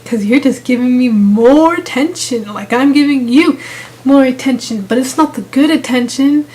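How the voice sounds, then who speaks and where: Young female gaming vlogger, fairly high voice, casual, sarcastic rant. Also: moderate pace, a little mellow, poor audio. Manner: exasperated, sarcastic, rambling with restarts. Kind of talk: casual ranting vlog.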